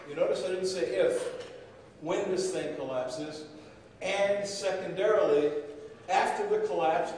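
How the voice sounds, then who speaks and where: A man's voice: on the high side, darkish tone. A man speaking as master of ceremonies at a podium, giving a joking, digressive conference speech and often repeating words. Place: large event room. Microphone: podium microphone. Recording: echoey hall, voice far from mic.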